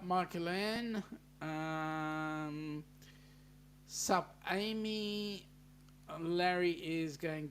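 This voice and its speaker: A man's voice: fairly high pitch, a bit bright, a little hiss or hum. A man with an Australian accent hosting a casual live stream, chatting easily and reading out viewer comments. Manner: chatty, easygoing banter with viewers.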